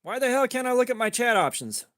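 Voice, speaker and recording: A man streaming live, telling a rambling, profane story in a casual way and getting animated when he quotes people. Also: extremely high pitch, quick pace, no echo, studio quality. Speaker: livestream host.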